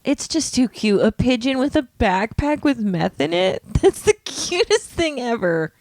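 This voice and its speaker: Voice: mid-range voice, sing-song, unhurried, a little mellow, dry recording. A co-host on a casual comedy news podcast, giggling often and talking in a playful, swooping way.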